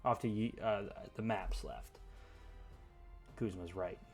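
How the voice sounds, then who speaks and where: A man acting as game master, describing scenes and settling rules in a relaxed way. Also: on the low side, slow, soft background music. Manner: relaxed, rule-checking, descriptive. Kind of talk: running a tabletop game online.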